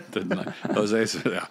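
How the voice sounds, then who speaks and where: A man's voice: fairly low pitch, background noise. Middle-aged guy telling stories on a podcast, keeps laughing, does little voices for people. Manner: animated, laughs often, acts out other people's lines. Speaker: podcast guest, former pro beach volleyball player. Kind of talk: casual storytelling.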